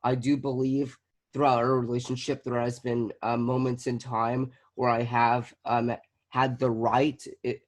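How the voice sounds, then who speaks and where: Hesitant teenage acting student. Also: male voice, mid-range voice. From Southern California. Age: teens. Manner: hesitant, thinking aloud with many fillers and restarts. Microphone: video call.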